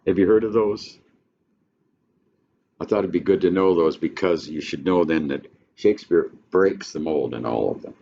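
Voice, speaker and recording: Older male teacher, very low voice, folksy halting lecture, dull lo-fi classroom recording with faint hiss. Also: creaky, mellow. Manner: folksy, halting, many restarts. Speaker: literature teacher. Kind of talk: classroom lecture with read-aloud passages.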